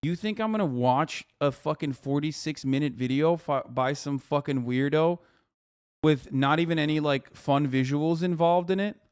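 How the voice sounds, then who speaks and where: Here a political streamer host gives casual live commentary, profanely and incredulously ranting over news stories. His voice is a little high, a little mellow and clean in tone, delivered at a moderate pace.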